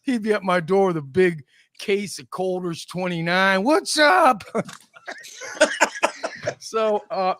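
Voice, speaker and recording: Speaking slowly with frequent pauses, a middle-aged podcast host with a high-sitting voice chats casually and animatedly tells stories, voicing quotes and laughing often. The recording is studio quality with no room sound.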